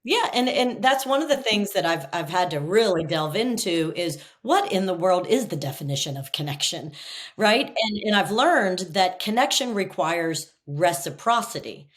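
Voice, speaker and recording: A woman podcast host and leadership coach, talking in a relaxed interview and acting out the lines she quotes. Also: lowish voice, normal speed. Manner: animated storyteller, acts out quoted lines. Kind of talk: conversational interview.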